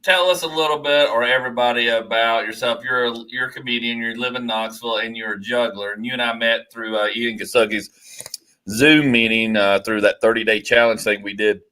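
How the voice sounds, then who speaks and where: Man, podcast host, bright forceful tone, animated storyteller, casual. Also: medium pitch, fairly quick. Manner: animated storyteller, acts out quotes. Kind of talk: casual chat and interviewing.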